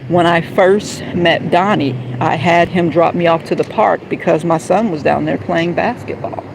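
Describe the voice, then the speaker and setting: A woman talks straight to her live-stream viewers in a rambling, heated monologue. Her voice is gravelly. She sits outdoors by a street, and noisy traffic carries under her words. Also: lowish voice, moderate pace. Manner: rambling, heated and confrontational, then softly apologetic. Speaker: livestreamer.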